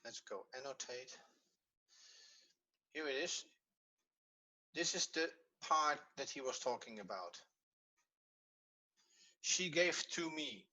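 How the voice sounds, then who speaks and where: A man's voice: medium pitch, expressive, takes it slowly, pauses often, bright, forceful tone, low-quality recording. A man teaching a Hebrew lesson online, patiently explaining step by step and repeating points so they sink in. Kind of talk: online lesson, screen-sharing.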